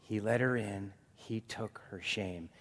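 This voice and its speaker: A male pastor preaching a sermon to his congregation in a lively, joking manner. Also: lowish voice, takes it slowly. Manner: animated preaching, jokes with the congregation. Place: church sanctuary. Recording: long hall reverb.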